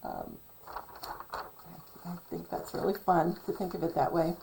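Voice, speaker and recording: A middle-aged woman talking in a rambling, casual monologue, hesitant and full of ums and self-corrections, a little hoarse from losing her voice. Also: fairly low pitch, wildly swooping pitch, a little slow, noisy background. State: losing her voice, clearing throat. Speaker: channel host.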